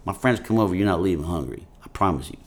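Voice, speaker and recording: A man talking as an actor guest in a casual interview, rambling with many "you know" fillers and animated storytelling. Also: low voice, fast. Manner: animated storytelling, voices his grandfather.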